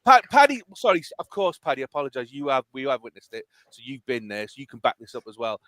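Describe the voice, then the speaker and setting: A middle-aged man hosting a casual podcast chat, telling stories in an animated, emphatic way. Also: medium pitch, quick pace, no echo. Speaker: podcast host.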